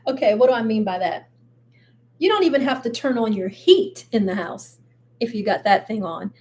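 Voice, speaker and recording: An older woman hosting a casual live chat show, chatty and animated with frequent laughs. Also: on the high side, moderate pace, pauses often, slightly rough. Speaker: host.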